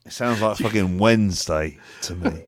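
A man's voice: deep voice, moderate pace, no echo, clean studio sound. A tipsy man co-hosting a casual chat, swearing and laughing through his banter. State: drunk. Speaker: podcast co-host.

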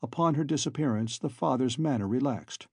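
A man's voice: medium pitch, a little fast, slightly rough, no room sound, studio quality. A man reading a novel aloud as an audiobook narrator, telling the story steadily. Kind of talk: scripted narration.

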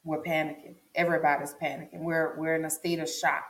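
A woman recounts a personal story straight to camera, her voice sitting low and deliberate. She leans on repetition for emphasis, and the recording carries a noticeable room echo. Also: level tone. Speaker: vlogger. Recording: echoey room.

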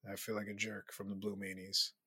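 A comedian from the Chicago suburbs, chatting as a podcast guest in a rambling, laughing, self-deprecating way. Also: male voice, on the low side, monotone, brisk, pushed and bright, breathy edge, no room sound, clean studio sound. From Chicago suburbs, USA. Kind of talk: casual storytelling chat.

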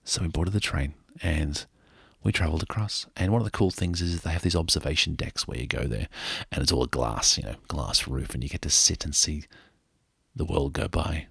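A man's voice: extremely low pitch, moderate pace, gravelly, fairly bright tone, slightly rough, no room sound, studio quality. A middle-aged man with an Australian accent tells a rambling travel story in a casual monologue, joking at his own expense. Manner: rambling, joking, self-mocking.

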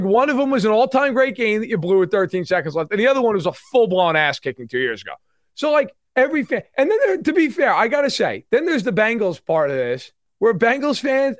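Animated high-voiced man talking football. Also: no room sound, clean studio sound. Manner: animated, mimics fans in loud put-on voices. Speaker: sports podcast co-host. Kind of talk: casual sports chat.

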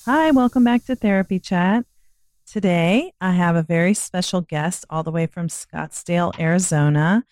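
Woman podcast host, low pitch, mellow tone, friendly interviewer. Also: normal speed, dry recording. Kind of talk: casual interview chat.

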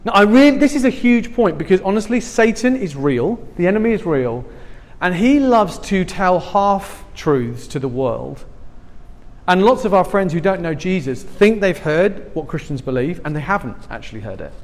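A man preaching a sermon, animated and emphatic, swinging between loud and hushed. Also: sits high. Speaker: pastor. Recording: long hall reverb.

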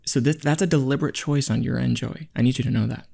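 A man's voice: mid-range voice, fast, creaky, warm tone, breathy edge. A man who co-hosts a podcast and works as a psychotherapist, chatting casually and teasing his co-host with frequent laughs. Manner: playful teasing, laughs often. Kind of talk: casual chat.

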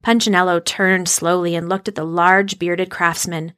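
Expressive woman reading a storybook aloud. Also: fairly low pitch, normal speed, smooth, dry recording, clean studio sound. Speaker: narrator.

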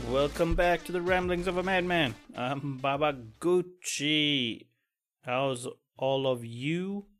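A man's voice: medium pitch, fairly bright tone. Profane, fed-up man hosting a podcast. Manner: angry, profane, pessimistic venting. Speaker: podcast host. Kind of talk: casual solo podcast rant.

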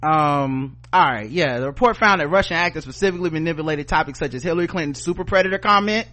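Heated, high-voiced man ranting. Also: fast talker, pushed and bright. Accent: Southern US. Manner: heated, sarcastic, swears often, reads news aloud. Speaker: podcast co-host. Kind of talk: profane opinion podcast rant.

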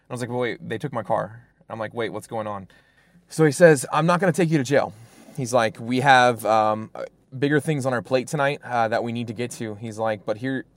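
A man's voice: mid-range voice, no room sound. A young man from Fresno, California, telling a personal story in casual talk, full of fillers and restarts. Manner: rambling, many fillers and restarts. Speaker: guest storyteller.

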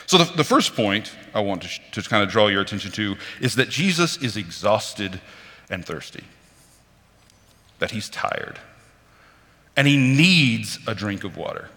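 Man preaching, lively sermon delivery, bright forceful tone, long church reverb. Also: fairly low pitch, measured pace, pauses often. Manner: animated, conversational, acts out quoted voices. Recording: reverberant hall.

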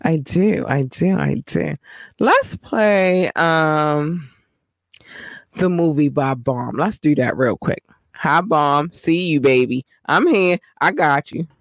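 A host, doing casual shout-outs and speaking affectionately to the listeners. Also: medium pitch, lively intonation, takes it slowly, no echo. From Baltimore, Maryland. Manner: affectionate, repeats thanks to listeners.

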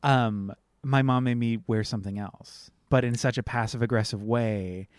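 A man's voice: medium pitch, moderate pace, smooth, no room sound. A young man talks casually and expressively, swinging between rising and dropping tones as he tells a story. His voice is close and dry, with no room sound around it. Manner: animated, expressive storytelling with swearing. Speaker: podcast co-host. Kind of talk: casual chat.

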